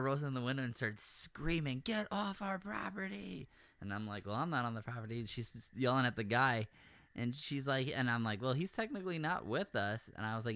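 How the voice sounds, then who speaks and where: A man's voice: mid-range voice, clear, resonant tone, no echo. Guy hosting a podcast, dry close sound, rambly with lots of ums, gets worked up ranting. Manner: rambling, many fillers and restarts, animated when ranting. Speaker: podcast host. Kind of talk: casual chat recounting a story.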